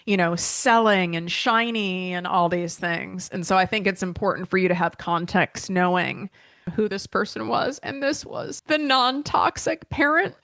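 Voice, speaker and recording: A woman hosting a solo podcast and talking straight to her listeners in a chatty, emotional voice close to tears. Her pitch sits in the middle range, and the recording is dry and close. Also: unhurried, a bit bright, no echo. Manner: chatty, emotional, many fillers like "like" and "okay". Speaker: podcast host and business coach. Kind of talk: casual solo podcast talk.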